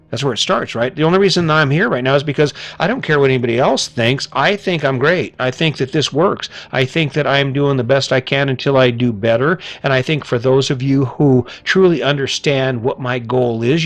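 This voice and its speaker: Blunt middle-aged man giving a pep talk. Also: medium pitch. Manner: blunt, swears casually, asks rhetorical questions. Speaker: podcast host. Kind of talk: motivational monologue.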